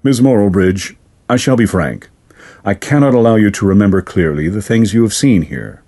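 A man voicing a courteous, sinister male fairy lord in a storybook reading, formal and measured. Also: fairly low pitch, animated, warm tone. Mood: courteous menace. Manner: formal, measured, silkily polite.

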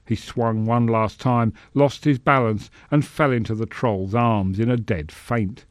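A man reads a fantasy tale in measured, expressive narration with a middle-pitched voice. The sound is dry and close, with no room around it. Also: no echo. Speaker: story narrator. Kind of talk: scripted narration.

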